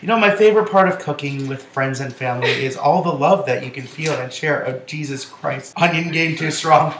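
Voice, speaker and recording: A man's voice: on the high side, a little fast, reverberant, background noise. An American man making dry jokes while cooking with friends in a home kitchen. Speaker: home cook among friends. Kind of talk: joking casual chat while cooking.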